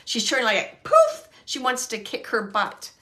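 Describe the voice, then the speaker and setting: A middle-aged woman giving a mediumship reading, relaying a spirit's message in halting, searching speech full of fillers and repeats, sometimes hushed and sometimes brighter. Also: fairly high pitch, fairly even intonation. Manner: soft and hushed at times, then brighter and laughing.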